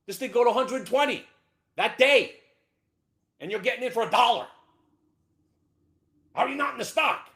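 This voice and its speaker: A man hosting a live market show, ranting brashly about his trades with sudden shouted outbursts. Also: very high voice, normal speed, creaky, long pauses. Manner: excitable, loud bursts of shouting, brash. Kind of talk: live trading rant.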